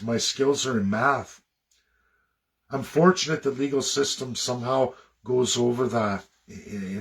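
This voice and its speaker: A man from Canada delivering an impassioned, preachy monologue, swinging between loud outbursts and low muttering. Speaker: political commentator.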